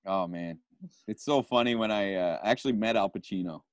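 A man's voice: on the low side, a little fast, clean tone, no room sound, clean studio sound. A man, a guest on a podcast, telling stories with lots of laughter and swearing. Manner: laughing storyteller, swears freely. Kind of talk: casual chat.

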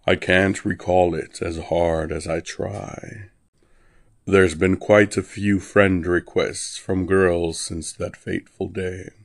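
A man narrating a dark first-person story in a wry, deadpan way. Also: sits low, no room sound, studio quality.

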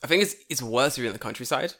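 Brief: male podcast co-host, bright, animated storyteller, swears freely, swings his pitch around. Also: rapid-fire. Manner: animated, swears a lot, acts out voices in his stories. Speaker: English teacher in Japan. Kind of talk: casual storytelling chat.

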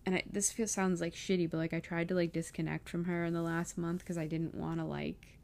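Low, gravelly young woman near tears. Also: flat delivery, brisk, darkish tone. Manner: emotional, confessional, many fillers. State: close to tears. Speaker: vlogger. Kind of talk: casual personal vlog.

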